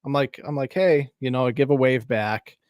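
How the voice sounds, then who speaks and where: A man co-hosting a podcast, telling a story in casual chat, profane and animated, laughing often. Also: mid-range voice, normal speed, dry recording, studio quality. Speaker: podcast co-host. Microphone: podcast mic on a live stream.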